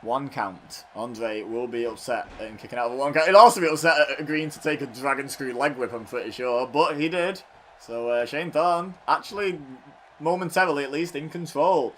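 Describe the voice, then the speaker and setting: Guy commentating a wrestling game, mid-pitch voice, jokey and self-deprecating, little bit of hiss behind. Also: moderate pace. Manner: chatty and self-mocking, riffing between play-by-play calls. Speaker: gaming channel host.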